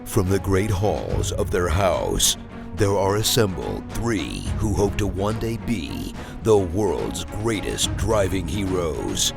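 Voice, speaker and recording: A man's voice: low-pitched, very animated, slow, creaky. A man announcing a podcast intro in a grand superhero-trailer style. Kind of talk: dramatic scripted intro over music. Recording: music bed behind voice.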